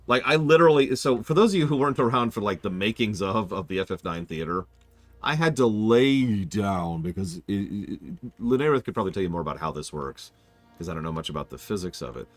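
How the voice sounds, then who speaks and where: A man live-streaming a game review, talking casually in a chatty, rambling, self-mocking way with quick asides. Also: deep voice, no room sound, soft background music.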